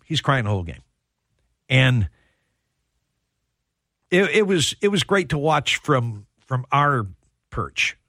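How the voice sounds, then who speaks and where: A man who is a sports broadcaster, telling stories as a guest on a radio show, animated and full of restarts. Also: medium pitch, no room sound, clean studio sound. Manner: animated storyteller, stumbling restarts. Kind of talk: casual sports radio chat.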